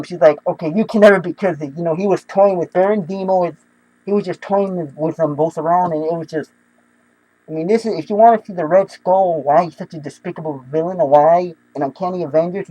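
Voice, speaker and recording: Excitable high-voiced young man rambling. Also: fairly quick, dry recording, dull audio. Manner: excitable, rambling, many restarts and fillers. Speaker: comic book reviewer. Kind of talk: casual comic book review.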